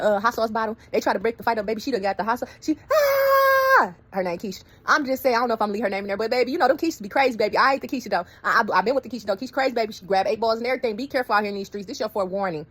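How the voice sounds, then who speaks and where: A woman telling a story to her viewers in a casual, animated way, acting out quoted voices. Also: mid-range voice. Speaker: storyteller vlogger.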